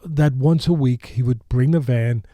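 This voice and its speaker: A man in his sixties from New York tells a long story in a warm, low voice, drifting into asides. The recording is dry and close, a podcast studio mic with no room sound. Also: a little slow, no echo. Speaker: boxing trainer, podcast guest. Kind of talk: animated storytelling.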